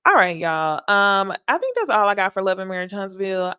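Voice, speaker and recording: A woman's voice: mid-range voice, lively intonation, quick pace, few pauses, sharp tone, clean tone, no room sound, studio quality. A woman with a Southern American accent hosting a casual, candid recap talk show, chatty and emphatic. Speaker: host.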